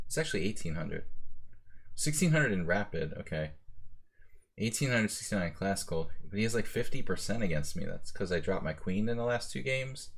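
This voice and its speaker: Man, deep voice, casual chess streaming, rambling with fillers. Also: breathy edge. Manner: thinking aloud, full of fillers. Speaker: chess streamer playing a simul. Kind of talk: casual live commentary.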